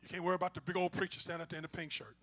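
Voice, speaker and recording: A man preaching a sermon in a church. He moves between hushed, near-whispered pleading and shouted exclamations, calling out "glory to God" as he goes. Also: sits high, level tone, very fast. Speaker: pastor. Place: church sanctuary.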